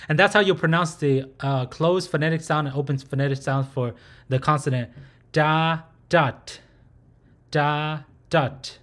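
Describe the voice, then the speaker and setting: A man's voice: on the high side, steady tone, brisk, fairly bright tone. A man giving an online language lesson, patiently modeling each sound over and over with many fillers. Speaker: language teacher.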